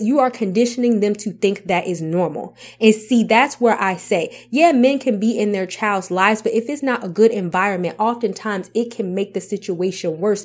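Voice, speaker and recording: Speaking to camera about parenting, a woman vlogger uses a fairly high, slightly mellow voice. Her casual advice is emphatic, full of repeated points and rhetorical questions.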